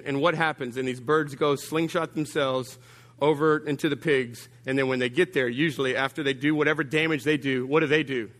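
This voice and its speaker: A male pastor preaching a sermon, telling humorous stories with sudden jumps in pitch and loudness and calling out to the congregation. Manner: humorous, animated storytelling with big swings of pitch and volume; addresses the congregation directly with call-outs.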